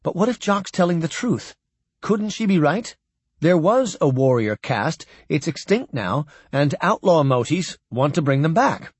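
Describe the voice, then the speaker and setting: A man's voice: on the high side, big pitch swings, unhurried, husky, no room sound, pitched above the performer's own voice, full character voice. A man voicing a worried young woman who pleads her questions.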